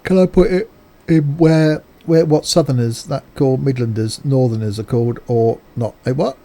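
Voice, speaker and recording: A man's voice: mid-range voice, moderate pace, warm tone. A man streaming a train simulator game live, chatting casually and teasing his viewers in a jokey way. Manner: jokey, teasing banter with chat.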